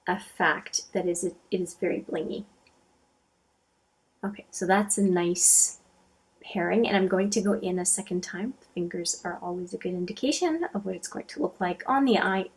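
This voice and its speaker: A woman's voice: fairly low pitch, normal speed, husky. A woman hosting a casual makeup swatching vlog, chatty and thinking aloud, often correcting herself as she goes. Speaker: beauty vlogger.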